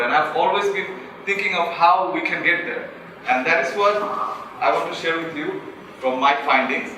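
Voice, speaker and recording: A man's voice: fairly high pitch, sharp tone, slight background noise. A young man from Bangladesh with a Bangladeshi English accent gives an earnest, self-deprecating motivational talk as a student speaker and asks the audience questions. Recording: echoey hall from far off.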